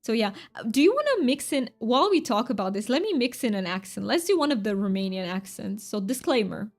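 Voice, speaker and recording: A woman's voice: fairly high pitch, big pitch swings, a little fast, faint music behind. A woman streamer in casual live chat with her viewers, chatty and rambling, often correcting herself mid-sentence.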